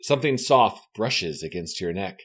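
Male host, animated storyteller, lively jokey read-aloud. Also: on the low side, moderate pace, breathy edge. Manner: theatrical, jokey. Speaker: host reading a gamebook aloud. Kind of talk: dramatic read-aloud with banter.

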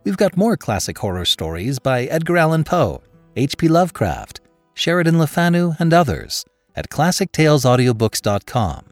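A man hosting a classic literature podcast, giving a friendly, measured sign-off. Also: a little high, sing-song, no echo, faint music behind. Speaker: podcast host. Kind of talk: scripted podcast outro.

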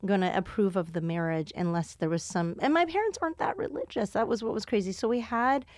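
A woman in a casual podcast chat, telling stories with animated swings in her voice and frequent laughter. Her pitch sits mid-range, and the sound is dry and close with no room echo. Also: quick pace. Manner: animated storyteller, laughs often, frequent fillers. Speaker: podcast host and comedian.

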